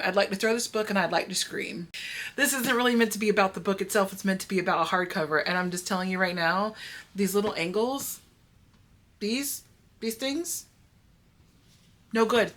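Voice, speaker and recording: A book vlogger chats casually at home indoors, recorded on a camera mic. She has a fairly low voice yet a bright, animated delivery, and is self-mocking and dramatic.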